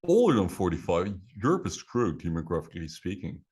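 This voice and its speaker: A man with a very deep voice chats casually as a co-host over a video call. His delivery is sarcastic and joking, with frequent fillers. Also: big pitch swings, brisk, darkish tone, husky. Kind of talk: casual podcast chat. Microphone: computer mic on a video call.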